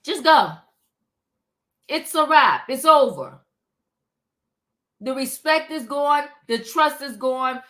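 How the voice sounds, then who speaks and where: Woman doing a tv recap, talks slow, acts out the quotes. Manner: animated, acts out quotes with rising pitch. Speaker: reality show recap host. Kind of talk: casual commentary.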